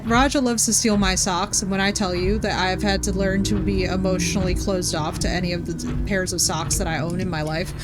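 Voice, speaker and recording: A woman from New Jersey talks through a live gaming stream at home, chatting freely and greeting her viewers by name. Her pitch sits in a middle range. Game music plays clearly behind her.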